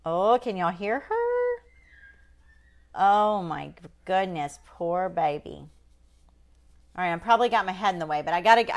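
A woman hosting a casual live painting demonstration, chatting folksily with viewers. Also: lowish voice.

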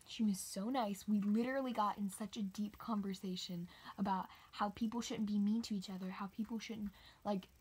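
A teenage girl telling a rambling storytime for her channel, chatty with many fillers and soft whispered asides. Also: medium pitch, fairly even intonation, normal speed, husky. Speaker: vlogger. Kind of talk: casual storytime.

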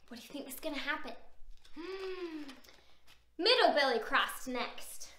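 A woman reading a picture book aloud to children, animated, gasping and asking the listener questions. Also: sits high, a little slow, slight background noise. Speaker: storybook reader. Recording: roomy echo.

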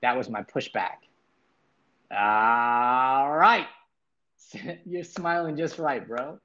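A man's voice: medium pitch, very slow, sharp tone, highs cut off. A man hosting a casual livestream, chatting loosely with viewers, swearing now and then and greeting chatters by name. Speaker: livestream host.

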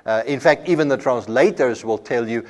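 A man's voice: mid-range voice, moderate pace. A man giving a classroom lecture at a Bible college, explaining with everyday examples and often repeating a word as he restarts. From South Africa.

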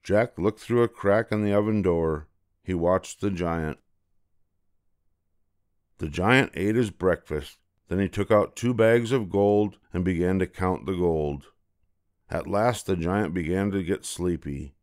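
Deep-voiced grandfather reading a fairy tale. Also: dry recording, studio quality. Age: older. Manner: slow, gentle, repetitive storytelling. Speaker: storyteller.

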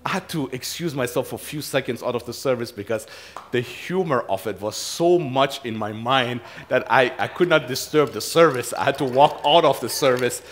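Male pastor, sermon, mid-pitched voice, dramatic swings from loud to hushed, chuckles now and then. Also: normal speed, slight background noise. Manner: dramatic swings between loud, raised passages and quiet, low asides; chuckles as he preaches.

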